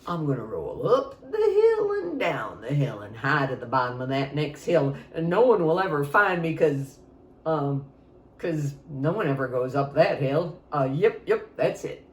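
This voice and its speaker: A woman voices a dim, easygoing male pumpkin in a storybook tale. He rambles and hesitates, his voice lively in pitch. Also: unhurried. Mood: sure, rambling. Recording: echoey room.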